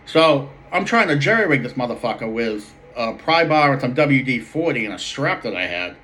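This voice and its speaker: A man's voice: medium pitch, big pitch swings, moderate pace, few pauses, bright, forceful tone, a little hiss or hum. A young man with a Boston accent telling a rambling, profane barroom story as a comic character monologue. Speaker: comedic storyteller.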